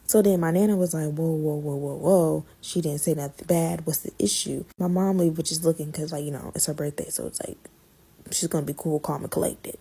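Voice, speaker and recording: A woman hosting a podcast, telling a story in casual, slangy chat that swings between loud and hushed. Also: sits low, steady tone, brisk, gravelly, hardly any pauses, slightly rough.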